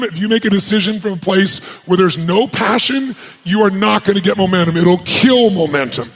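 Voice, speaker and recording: A man with a high, gravelly, husky voice preaches self-improvement to a large live audience. He talks emphatically, firing questions at the crowd and pressing each point home. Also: moderate pace, fairly bright tone. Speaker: motivational speaker. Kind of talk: motivational seminar talk.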